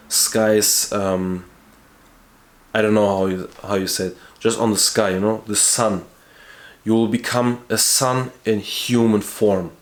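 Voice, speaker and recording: A man talking earnestly to camera as a YouTuber, stressing key words by repeating them and restarting sentences as he searches for words. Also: on the low side. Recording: roomy echo.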